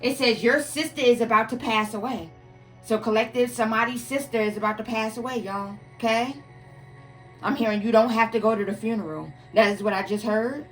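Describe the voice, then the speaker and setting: Woman with a somewhat high voice giving a blunt, cuss-heavy tarot reading straight to her viewers over faint music. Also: a little fast, fairly bright tone. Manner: emphatic, profane, repeats "y'all" and "collective". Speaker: tarot reader.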